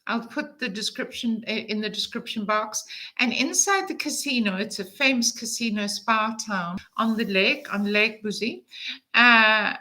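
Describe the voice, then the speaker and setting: A woman's voice: on the high side, unhurried, pushed and bright, rough recording. A woman in her fifties telling a travel story to camera in a chatty, enthusiastic way, with frequent fillers. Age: 50s. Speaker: travel vlogger.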